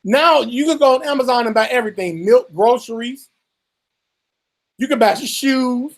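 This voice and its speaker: A high-pitched co-host in a casual commentary chat swears freely and mocks others by acting out what they say. He then turns to lecturing and warning the listeners.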